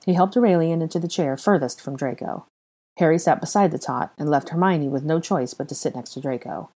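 A woman narrating a story in a low, darkly mellow voice. Her reading is steady and even, with the calm pace of an audiobook. It suits long storybook passages. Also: fairly quick. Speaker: reader. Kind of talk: audiobook reading of fan fiction.

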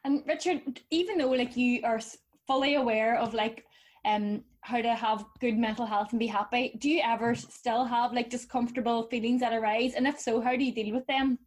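Hesitant higher-voiced woman interviewer. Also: steady tone, a little fast. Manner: hesitant, filler-heavy questioning. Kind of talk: interview questions.

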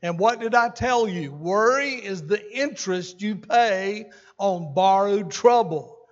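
A senior pastor delivers a folksy, conversational sermon, with asides to his congregation. His voice sits notably high for a man, and the recording is dull and muffled. A long reverb trails his words through the church hall. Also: slow pace. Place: church sanctuary.

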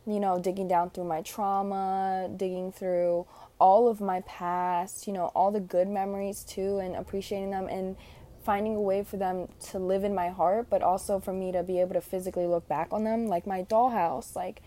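A woman's voice: mid-range voice, flat delivery, normal speed, warm tone. A young woman of Puerto Rican background hosting a reflective solo podcast, speaking earnestly and from the heart with many fillers. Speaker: podcast host.

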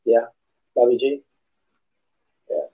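In a slow, level, medium-pitched voice, a male host rambles through a casual morning podcast, wandering from topic to topic. He's laid-back and throws in slang and swearing. It's recorded in a room at home, so the sound is dull and lo-fi.

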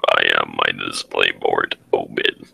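A man voicing a menacing male death robot with a gravelly, growling voice in a comedic podcast chat. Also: extremely low pitch, completely flat delivery, sharp tone, exaggerated voice, poor audio. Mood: deadpan. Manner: slow, ominous pronouncements.

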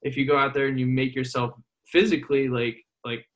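A man's voice: medium pitch, flat delivery, fairly quick. A man interviewing a guest in a casual, rambling way, full of fillers. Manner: casual, filler-heavy questions.

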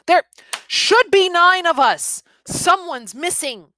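A woman voicing a gang of excited costumed boys with shrill, shouting voices. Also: slow, dry recording, clean studio sound, heavily acted.

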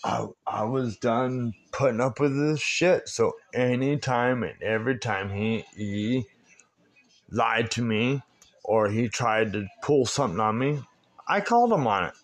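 A man's voice: mid-range voice, measured pace. A man hosting his own podcast, rambling through stories in a casual, heavily profane monologue. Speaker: podcast host.

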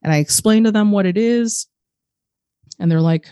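A young adult woman guests on a podcast, telling a story bluntly and animatedly, swearing freely and acting out the voices of the people she quotes. Her voice sits at medium pitch and moves at a moderate pace. The recording is dry and of studio quality.

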